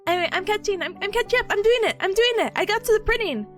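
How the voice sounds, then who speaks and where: Young woman VTuber, very high lively voice, giggly, faint music behind. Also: very fast. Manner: giggly, bubbly, talks with a smile. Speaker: VTuber streamer. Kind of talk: casual chat reading stream chat.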